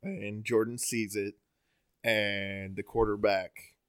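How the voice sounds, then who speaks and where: A man co-hosting a podcast in casual chat, telling stories in an animated, jokey way. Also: lowish voice, slow pace, smooth, no room sound, studio quality. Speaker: podcast co-host.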